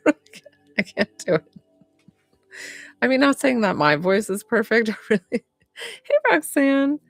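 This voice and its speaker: Slow, gravelly-voiced woman chatting on a live. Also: fairly high pitch, animated, no room sound, studio quality, soft background music. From upstate New York. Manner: rambling, chatty, reads out viewer comments. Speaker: medium hosting a live stream. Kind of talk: casual live-stream chat.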